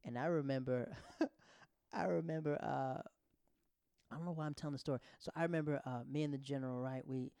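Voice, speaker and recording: A man's voice: medium pitch, brisk, gravelly, pauses often, smooth, no room sound. A man in his thirties doing stand-up, telling rambling stories that interrupt themselves. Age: 30s. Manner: rambling, self-interrupting, animated. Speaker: stand-up comedian. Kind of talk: stand-up storytelling.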